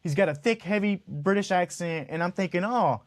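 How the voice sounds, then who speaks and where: Talking fairly quickly in a high voice, a stuffy-nosed co-host rambles and cracks jokes on a casual podcast. Now living in Utah, he previously lived in Los Angeles, and his manner is animated despite the congestion.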